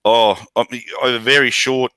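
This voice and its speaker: An Australian man who entertains children, chatting in an interview over a video call, self-deprecating and halting with many restarts. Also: mid-range voice, fairly even intonation, pushed and bright, smooth, no echo. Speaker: children's entertainer and bush poet.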